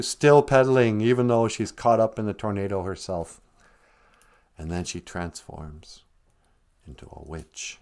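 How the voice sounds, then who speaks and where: A man retelling a story on a live stream in an animated, casual way, humming and singing snatches as he goes. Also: lowish voice, moderate pace, clear, resonant tone.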